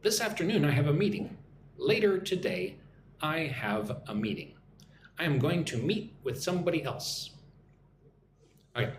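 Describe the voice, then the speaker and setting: An American man teaches English live from home, repeating phrases slowly and clearly so learners can follow. His pitch moves a lot and his voice rings in a roomy space. A faint ambient hum sits behind him. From United States. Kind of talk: live-streamed English lesson.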